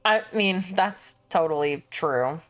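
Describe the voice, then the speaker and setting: A young female streamer talks casually with her viewers as she shops online, laughing a lot and thinking aloud. Her voice sits fairly low, and she speaks expressively and slowly.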